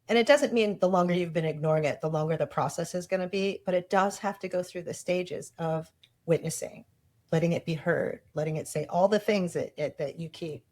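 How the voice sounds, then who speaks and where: Low-voiced woman talking reflectively. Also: darkish tone. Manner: reflective, acts out inner voices in quotes. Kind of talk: casual podcast conversation.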